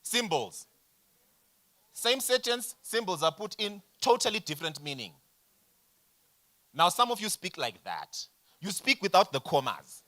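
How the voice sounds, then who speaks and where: A man in his forties leading a business workshop, lecturing in an animated way and asking the room rhetorical questions. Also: high-pitched, a little slow, pauses often. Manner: animated, addresses audience directly with rhetorical questions. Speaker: workshop facilitator.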